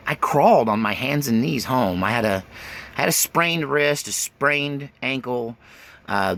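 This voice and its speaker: A man in his forties telling his life story in an animated, rambling way. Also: on the low side, vocal fry.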